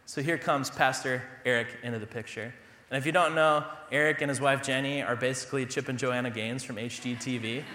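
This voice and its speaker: Young pastor, bright tone, casual self-deprecating sermon delivery, roomy church echo. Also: male voice, medium pitch, fairly even intonation, brisk. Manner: conversational, self-deprecating humor. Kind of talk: sermon with personal stories. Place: church sanctuary.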